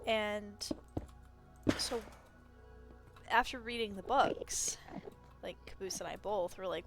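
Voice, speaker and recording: A woman's voice: medium pitch, takes it slowly, long pauses, soft background music. A young woman streaming, chatting casually in a rambling way and swearing freely. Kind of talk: casual chat.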